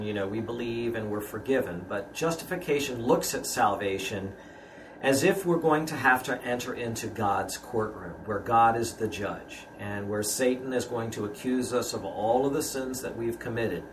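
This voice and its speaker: A man pastor gives an earnest teaching answer in a mid-pitched voice, driving his points home with repeated phrases. A faint hiss sits under the recording. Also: low-quality recording.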